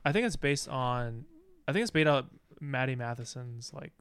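A man's voice: medium pitch, expressive, moderate pace, a bit bright, smooth. A young man co-hosting a podcast in casual chat, blunt and joking, swearing freely. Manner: blunt, swears, laughs often. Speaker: podcast co-host.

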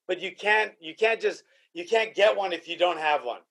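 A man's voice: high-pitched, moderate pace, a bit bright. A man in casual chat, talking emphatically and restarting his sentences.

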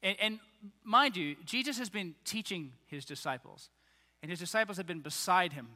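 Guy preaching a sermon, higher voice, really bright and cutting, big church reverb. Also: normal speed. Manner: animated, acts out quoted voices. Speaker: pastor. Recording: long reverb of a large hall.

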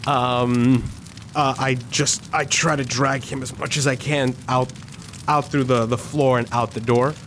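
A man's voice: mid-range voice, fairly even intonation, unhurried, fairly bright tone. A man with a mid-range voice plays his character in a tabletop role-playing game. He talks hesitantly and emotionally, stumbling through fillers and restarts as he decides what to do. A faint noise runs behind him. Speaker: player.

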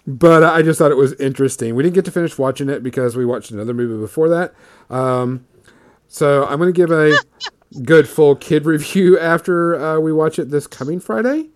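A man's voice: fairly high pitch, normal speed. Rambling man telling a story. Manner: rambling, filler-heavy storytelling. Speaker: podcast co-host. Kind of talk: casual chat.

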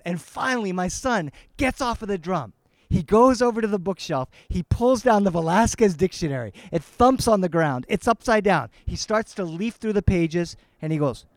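A man telling a family story to a live audience, animated and switching between English and Spanish. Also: high voice, normal speed, no echo, studio quality. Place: outdoor garden festival.

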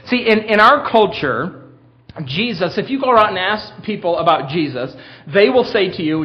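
A man's voice: fairly high pitch, lively intonation, moderate pace. A man preaching a sermon, emphatic and full of rhetorical questions, stretching and speeding his words for emphasis, in a dull lo-fi recording.

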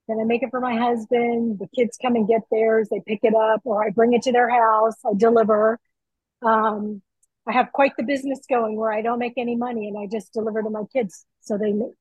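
A middle-aged woman chatting excitedly from her home kitchen over a video call, through earbuds. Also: fairly high pitch, husky, dry recording, lo-fi sound. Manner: chatty, excitable, laughs easily. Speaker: guest.

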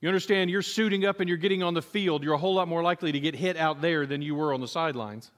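A man's voice: fairly high pitch, racing. A middle-aged man preaching a sermon, telling a story with humor and acting out the voices of the people in it. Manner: animated storytelling, acts out quoted voices, jokes with the congregation. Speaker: pastor.

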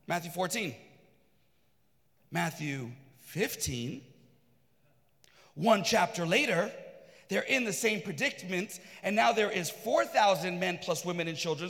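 A man preaching a sermon, fervent and repetitive, at times shouting. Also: high voice, long reverb tail. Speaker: pastor.

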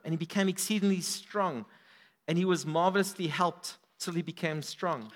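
A man preaching a sermon at a church service, animated, his voice swinging up and down for emphasis. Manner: animated, rises and drops in pitch and volume for emphasis.

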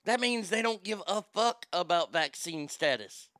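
A man's voice: high voice, lively intonation, a little slow, bright, forceful tone, no room sound, studio quality. A man hosting a live show, ranting about politics in a heated, sarcastic and profane way, often stammering and restarting when worked up.

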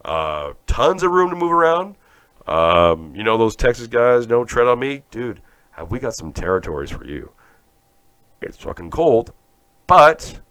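A man's voice: mid-range voice, fairly bright tone, no echo. A man from Canada hosting a podcast, rambling through a profane, sarcastic comic rant. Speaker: podcast host.

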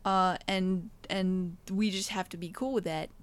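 A woman's voice: fairly low pitch, steady tone, measured pace. A woman co-hosting a podcast in casual chat, rambling and joking with lots of fillers. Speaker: podcast co-host, game developer.

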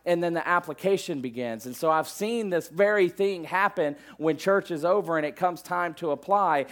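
A middle-aged male pastor preaching a sermon in a loose, conversational way, full of asides and fillers. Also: a little high.

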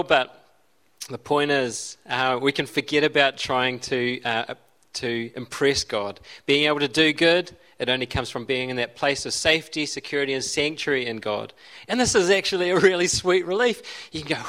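A man's voice: mid-range voice, normal speed, sharp tone. A man preaching a sermon as a pastor, conversational, with frequent restarts and side remarks. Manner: conversational, self-interrupting with restarts and asides.

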